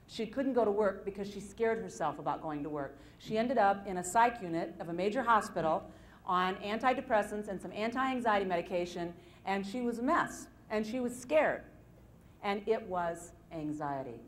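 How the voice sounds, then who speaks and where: A woman speaking to an audience at a self-help seminar, telling case stories in a lively, repetitive storytelling manner. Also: medium pitch, normal speed. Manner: storytelling, lively retelling with repeated phrases. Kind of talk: motivational talk to an audience.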